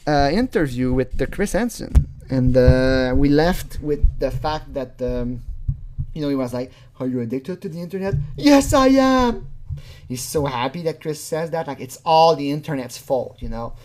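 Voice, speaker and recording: A host talking casually into a home desk mic, reacting to a clip with scorn and swearing. The voice sits at a middle pitch and keeps jumping up into a high, whiny voice for mocking impressions. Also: normal speed, darkish tone. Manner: mocking, profane, mimics others in a high whiny voice. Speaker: commentary channel host.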